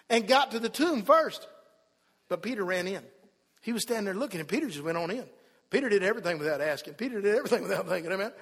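A man preaching a sermon in a church, telling the story and acting out the people in it, dropping to a hush and then rising loud again. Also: high-pitched, husky. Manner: storytelling, acts out quoted voices, swings from hushed to loud. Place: church sanctuary. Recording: long hall reverb.

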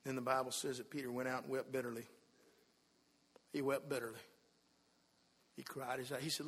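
A man preaching a sermon in a church, telling the story and acting out the people in it, dropping to a hush and then rising loud again. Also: medium pitch, little pitch movement, brisk, pauses often, breathy edge. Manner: storytelling, acts out quoted voices, swings from hushed to loud. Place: church sanctuary. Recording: long hall reverb.

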